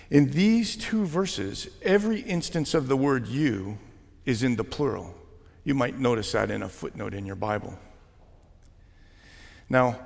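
A man preaching a sermon as pastor, talking in a conversational way with gentle jokes. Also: medium pitch, gravelly. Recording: long hall reverb.

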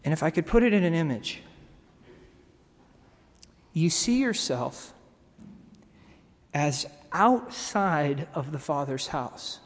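A man preaching a sermon to his congregation, earnest and halting, with pauses and restarts. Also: a little high, lively intonation. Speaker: pastor. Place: church sanctuary. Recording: long reverb of a hall.

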